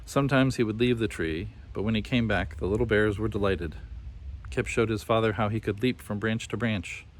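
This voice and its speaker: Male storybook narrator, low voice, gentle and clear. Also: moderate pace, slight background noise. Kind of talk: children's story reading.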